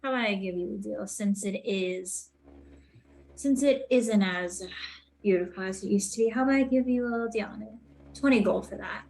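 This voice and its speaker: A woman's voice: medium pitch, moderate pace, vocal fry, a little mellow, low-quality recording. A woman doing a shrewd haggling merchant woman. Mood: coaxing. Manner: wheedling, coaxing sales patter.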